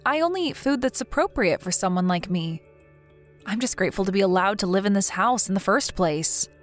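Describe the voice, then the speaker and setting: A woman's voice: mid-range voice, animated, fairly quick, soft background music, close to an everyday voice. A woman voicing a meek, self-loathing young wife in a text-story video, speaking timidly and apologetically.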